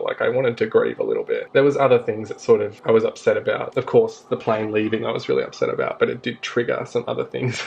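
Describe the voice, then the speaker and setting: A fast-talking Australian man chats to camera, drifting through a self-mocking story with plenty of asides. His voice sits at an ordinary pitch for a man. The audio is a little dull, with a faint hiss behind it. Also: creaky, a little mellow. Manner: chatty, rambling and self-mocking, with frequent asides. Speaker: vlogger. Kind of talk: casual storytime monologue.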